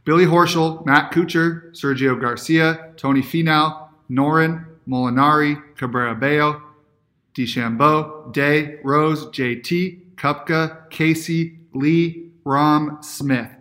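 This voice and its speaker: A man's voice: fairly high pitch, fairly even intonation, a bit bright. Male podcast co-host, joking betting banter, slightly strained cracking voice. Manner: joking, rattles off picks quickly. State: voice cracking from doing accents. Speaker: podcast co-host, sports bettor. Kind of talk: casual banter about betting picks.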